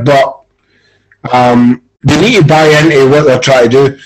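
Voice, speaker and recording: A Scottish man, a former football coach, chatting casually as a pundit and telling animated stories with plenty of swearing. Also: mid-range voice, takes it slowly, poor audio. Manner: animated storyteller, acts out quoted arguments, swears.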